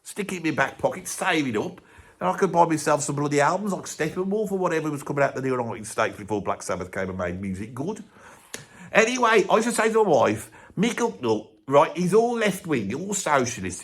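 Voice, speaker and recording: A man plays a cocky, opinionated Birmingham bloke in his sixties with a thick Birmingham accent, ranting straight to camera in a comic monologue. He swears freely, stumbles and restarts mid-sentence, and his voice sits a little higher than most men's. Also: sing-song, brisk, slightly rough. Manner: blustering rant, swears constantly, stumbles and restarts. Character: opinionated older Birmingham bloke, blustering, boastful. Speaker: comedy character ranting to camera. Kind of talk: comedic character monologue.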